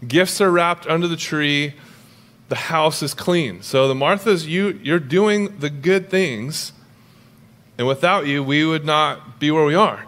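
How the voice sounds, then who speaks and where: Young guy pastor preaching, jokey and animated, slightly high voice. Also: long reverb tail. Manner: animated, jokey storytelling with quick asides. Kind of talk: sermon.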